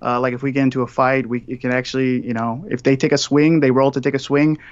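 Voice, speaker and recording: A man on a guest call-in, chatting casually and rambling through plenty of fillers. His pitch sits mid-range, and the line sounds dull and muffled. There is no room sound at all. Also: little pitch movement, quick pace, no room sound. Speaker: guest calling in. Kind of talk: casual chat.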